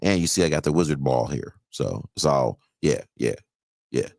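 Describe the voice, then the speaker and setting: A man's voice: extremely low pitch, lively intonation, moderate pace, creaky, darkish tone, no echo. A man in his thirties hosting a podcast, telling a loose, profane story in casual chat and laughing often. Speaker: podcast host.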